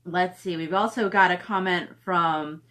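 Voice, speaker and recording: A woman's voice: fairly low pitch, steady tone, a little slow, fairly bright tone. A middle-aged woman chatting casually on a live stream from home, reading viewer comments aloud and cooing at her dog. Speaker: author hosting a live stream.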